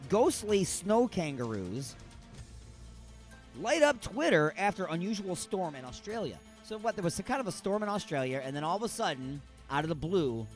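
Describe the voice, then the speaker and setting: A man hosting a radio show, riffing on odd news stories in a rambling, mock-outraged way. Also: fairly high pitch.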